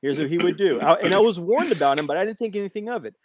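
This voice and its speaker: A man in casual chat, animated and repeating phrases as he tells a long story. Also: high-pitched, rapid-fire. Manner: animated, repeats himself while telling a story.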